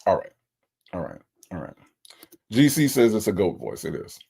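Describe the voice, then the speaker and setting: Host, man, low gravelly voice, laid-back exasperated chat. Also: wildly swooping pitch, normal speed, mellow. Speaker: host reviewing a recorded call. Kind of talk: casual chat reacting to live comments.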